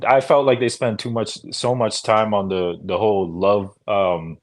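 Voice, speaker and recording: A man's voice: fairly low pitch, steady tone, moderate pace. A man co-hosting a film review chat, speaking in a laid-back, hesitant way with frequent fillers and slang. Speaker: podcast co-host reviewing films. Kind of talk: casual chat.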